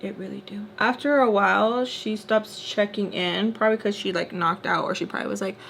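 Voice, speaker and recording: A woman's voice: mid-range voice, steady tone, brisk, creaky, fairly bright tone, slight background noise. A young woman in her twenties telling a story to the camera while doing her makeup, chatty and exasperated as she retells quoted back-and-forth. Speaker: storytime vlogger.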